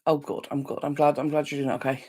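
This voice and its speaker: A woman's voice: low-pitched, little pitch movement, fast talker, warm tone. An Irish woman hosting a decluttering channel, chatting casually on a live stream, rambling and answering viewers' comments with sympathy. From Ireland.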